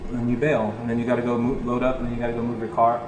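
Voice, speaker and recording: A man telling a rambling tour story in casual chat, animated, swearing freely and laughing as he talks. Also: mid-range voice, racing. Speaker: interview guest, touring musician. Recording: echoey room.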